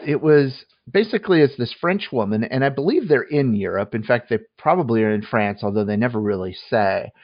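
A man's voice: medium pitch, expressive, a little fast, few pauses, no room sound, highs cut off. A man casually reviewing a movie on a podcast, talking in a rambling way with many restarts and fillers.

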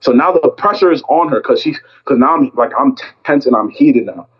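A man's voice: mid-range voice, a little fast, husky, lo-fi sound. Young man telling a heated story. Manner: animated storytelling, acting out both sides of an argument. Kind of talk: casual chat.

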